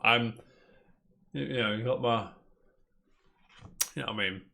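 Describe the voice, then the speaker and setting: A man's voice: mid-range voice, unhurried, vocal fry, sharp tone. A man co-hosting a casual gaming news podcast, rambling cheerfully and calling his co-host "mate". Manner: chatty, rambling, peppers talk with "mate".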